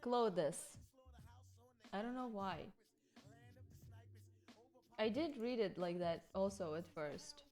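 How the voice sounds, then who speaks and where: A woman's voice: mid-range voice, animated, takes it slowly, pauses often, a little mellow, soft background music. A young woman with a Ukrainian accent chatting casually on a live stream, rambling, giggling and searching for her English words.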